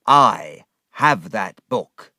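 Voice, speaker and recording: A man voicing an excitable, dramatic middle-aged gentleman who declaims loudly. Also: fairly low pitch, extremely slow, vocal fry, no echo, studio quality, heavily acted. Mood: accusing. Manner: loud, declaiming.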